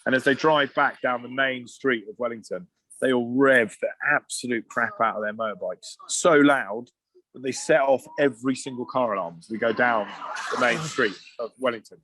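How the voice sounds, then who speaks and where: A man in his thirties telling loose, animated rugby stories in casual podcast chat. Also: mid-range voice, normal speed, dry recording. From England. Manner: animated, swearing anecdotes with asides and restarts. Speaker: guest, former rugby player.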